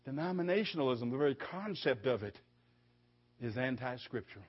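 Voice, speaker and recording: A man with a husky, slightly high voice delivering a sermon. He presses each point with repetition and stammered restarts. The recording sounds dull and lo-fi. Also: lively intonation, brisk. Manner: emphatic, repeating phrases with stammered restarts. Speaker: preacher.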